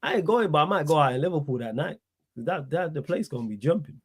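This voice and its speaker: A young Mancunian man with a gravelly, creaky edge to his voice, chatting casually about football in a loose, slangy way. His voice is close and dry, with no room sound around it. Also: a little high, animated, fast, no echo. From Manchester, England. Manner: laid-back, laughs often, slangy. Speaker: podcast host.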